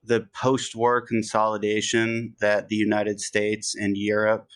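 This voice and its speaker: A man's voice: lowish voice, completely flat delivery, unhurried, a bit bright, distant mic. A man in casual conversation, explaining history in long, winding sentences. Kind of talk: casual political chat.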